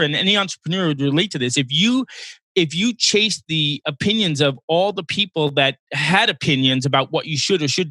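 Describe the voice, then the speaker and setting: Podcast host, male, 60s, bright pitched-up voice, earnest storyteller, dry close sound. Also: no echo. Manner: earnest storytelling, emotional at times. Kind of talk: casual interview chat.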